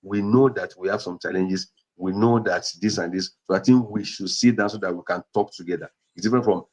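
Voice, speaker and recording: A man's voice: fairly low pitch, a little fast, darkish tone. A man with a Nigerian accent giving earnest marriage counseling advice, repeating points and acting out example dialogues.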